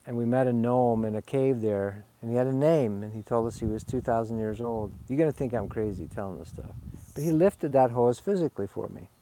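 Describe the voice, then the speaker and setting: A man raised in Sweden talks in a loose, meandering monologue, wandering off mid-sentence and circling back. His voice is dark and relaxed, and a slightly tipsy looseness runs through his talk. He speaks outdoors in a garden. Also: medium pitch, a little fast, slight background noise. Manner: meandering, digressive, confessional. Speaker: spiritual vlogger. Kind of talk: rambling casual monologue. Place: outdoors in a garden under a fruit tree.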